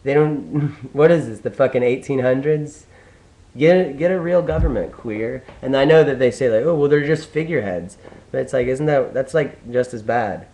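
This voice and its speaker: This vlogger is a young man from the US whose mid-range, warm voice moves at a normal pace. He rants by himself, swearing and rambling casually, restarting often, on a low-quality recording.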